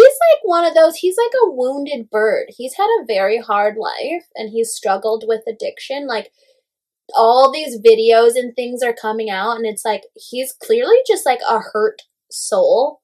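A young woman with a fairly high voice, gossiping in a casual chat. She talks in an animated way, leans on "like" constantly and swears without a second thought. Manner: animated, fillers of "like", swears freely.

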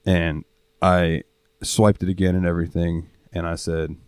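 A young man with a Southern US accent, co-hosting a podcast and telling profane, animated stories from his job. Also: sits low, unhurried, no echo, studio quality. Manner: profane, animated storyteller acting out customers. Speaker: podcast co-host. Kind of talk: casual chat, storytelling.

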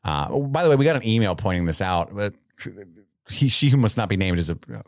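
A man's voice: lowish voice, lively intonation, fast talker, no echo, clean studio sound. A man co-hosting a podcast, chatting casually about a movie, joking and laughing a lot. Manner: jokey, laughs often, slips into goofy voices. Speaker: podcast co-host. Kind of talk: casual movie review chat.

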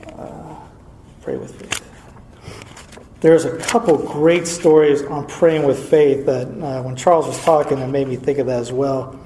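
A man's voice: medium pitch, steady tone, unhurried, warm tone, a little hiss or hum. Echoey man reading a saint's story. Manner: informal asides, chuckling, frequent fillers. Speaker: Catholic speaker reading from a saint's life. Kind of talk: reading aloud with casual commentary. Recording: echoey room.

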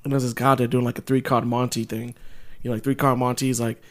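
A man's voice: medium pitch, fast talker. Chatty man laughing through anecdotes. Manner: animated anecdotes, slangy, laughs a lot. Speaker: podcast co-host. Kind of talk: casual chat.

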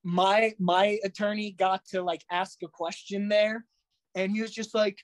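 Young guy ranting a story, tons of swearing and slang, super animated, dry close sound. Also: high voice, unhurried, dry recording. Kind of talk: casual storytelling to camera.

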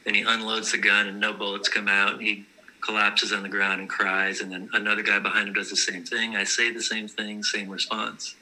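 Speaking fairly quickly in a fairly low voice that comes across very bright and forceful, a male guest casually tells stories about his visions. He keeps it flat, even, earnest and matter-of-fact, playing it straight the whole way, and the recording quality is low.

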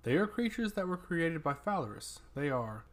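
A man voicing a tall, stoic woman abbot who speaks in a flat, emotionless monotone, in an audiobook reading. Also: on the high side, normal speed. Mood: cold.

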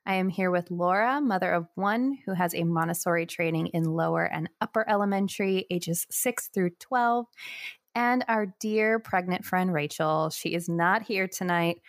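A woman with a fairly low voice co-hosting a relaxed podcast chat, quick to giggle and tease. She talks over a call, and the sound is dry and close. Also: dry recording. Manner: giggly, playful teasing. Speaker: podcast co-host.

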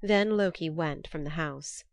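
A woman reads a storybook aloud in a steady, measured way. Her voice sits low for a woman and sounds close and dry, with no room echo. The delivery is even and unhurried. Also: vocal fry. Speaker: narrator. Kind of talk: storybook reading.

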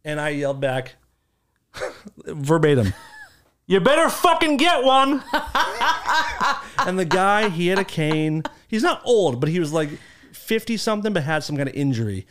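A man hosting a podcast tells stories in a loose, chatty way. His voice sits a little high and swings widely in pitch, and he bursts into loud shouts when he acts out what people said. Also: moderate pace. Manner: animated storyteller who shouts out quoted lines. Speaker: podcast host. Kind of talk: casual chat.

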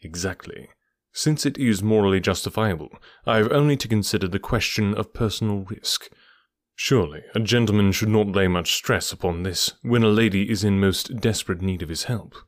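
A man reading the part of a calm, cool-headed middle-aged detective in an audiobook, speaking in a measured, dryly assured, hushed way. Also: fairly low pitch, no room sound, studio quality, lightly acted. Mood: reasoning calmly.

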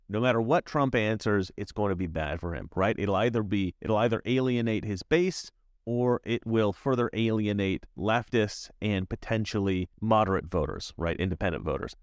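A man giving opinionated commentary as a YouTuber, emphatic and repetitive, with animated asides. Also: lowish voice, no room sound, studio quality.

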